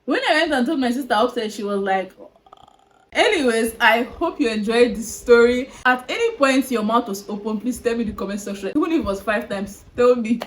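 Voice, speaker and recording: A woman's voice: on the high side, fairly quick, a little hiss or hum, rough recording. Exasperated young woman vlogger. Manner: animated, exasperated, talks straight to viewers. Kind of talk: storytime vlog.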